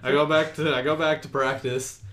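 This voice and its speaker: A man's voice: fairly high pitch, flat delivery, moderate pace, a bit bright. A young man casually telling a story among friends, acting out the people he quotes. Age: young adult. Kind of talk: casual chat.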